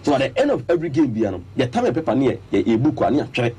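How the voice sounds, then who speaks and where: Ghanaian guy breaking down a football match on radio, lively pitch up and down, really husky voice. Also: quick pace. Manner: animated, emphatic, lists points. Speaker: sports radio analyst. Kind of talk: radio sports talk, Twi-English mix. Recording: radio studio broadcast.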